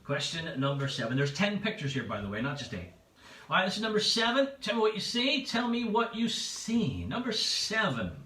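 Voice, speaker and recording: A bright-voiced man hosts a home pub quiz, chatty and playful as he repeats each option. His pitch swings widely. He sits back from the mic in an echoey room. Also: very animated, moderate pace, distant mic. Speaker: quiz host. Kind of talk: livestream pub quiz hosting.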